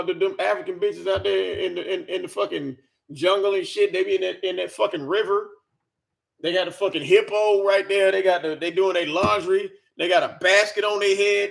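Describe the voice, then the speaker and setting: A man's voice: high voice, vocal fry, a bit bright. A man giving an exasperated, profane reaction rant, stammering and repeating himself as he talks. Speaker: commentary vlogger. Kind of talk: ranting reaction commentary.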